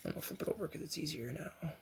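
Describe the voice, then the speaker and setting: Gravelly-voiced man hosting a craft tutorial. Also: a little high, expressive, very fast, slight background noise. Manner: chatty, joking, encouraging, slangy asides. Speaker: host of a toy and craft channel.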